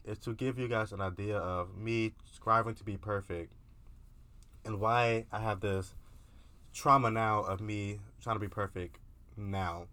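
A man's voice: on the low side, steady tone, unhurried, sharp tone. A young man vlogging in a candid, casual confessional monologue, profane and peppered with filler words.

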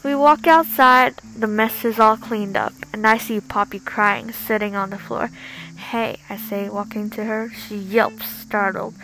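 A woman's voice: mid-range voice, steady tone, unhurried, vocal fry, hardly any pauses, bright, forceful tone, low-quality recording. Woman dramatically reading a story. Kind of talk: first-person story reading.

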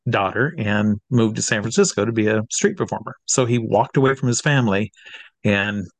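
A middle-aged man from Iowa, an entertainer telling a lively anecdote and acting out the people in it. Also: on the low side, normal speed, no echo. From Iowa, USA. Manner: lively storyteller who acts out the people he quotes. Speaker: entertainer guest. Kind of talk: animated anecdote.

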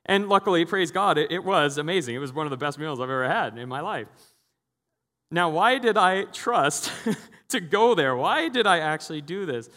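A man's voice: on the high side, bright, forceful tone. A man giving a sermon as a guest preacher, praying and then telling stories in a casual, chatty way with acted-out quotes. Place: church hall. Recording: long reverb of a large hall.

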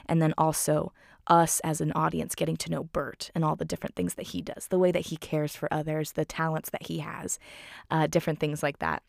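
A woman's voice: low voice, creaky, dry recording, studio quality. A woman recapping a film in a casual, enthusiastic way, full of fillers and "like".

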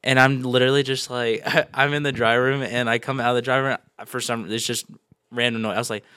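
Young man, smooth tone, dry studio sound, animated anecdotes. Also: mid-range voice, brisk, no room sound. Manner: animated storyteller, acts out quotes. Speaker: employee. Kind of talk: casual podcast chat.

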